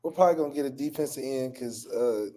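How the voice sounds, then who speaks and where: A man's voice: medium pitch, fast talker, dark tone. A man co-hosting a sports podcast, defending his team and firing back in casual banter.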